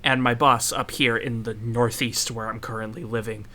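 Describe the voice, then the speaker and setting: Bright-voiced Midwestern man with a Southern lilt. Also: medium pitch. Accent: Midwestern American with Southern influence. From southern Midwest, USA. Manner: animated, laughs often, quick asides. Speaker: podcast co-host. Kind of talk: casual podcast chat.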